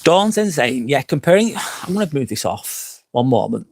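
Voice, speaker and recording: A man's voice: medium pitch, big pitch swings, normal speed, vocal fry, a little hiss or hum. Tipsy man slurring on a livestream. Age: 40s. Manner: rambling and frank, swears often. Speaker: live-stream host. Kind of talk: casual live-stream chat, answering comments. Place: outdoors at night by a campsite fire pit.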